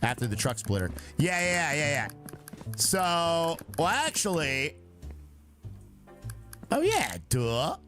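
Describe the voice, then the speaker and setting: A man's voice: fairly high pitch, big pitch swings, slow pace, pauses often, fairly bright tone, faint music behind. A young man live-streaming a game, chatting with his viewers and talking himself through it in a joking way. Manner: chatty, talks to himself and chat; joking, breaks into sung lines.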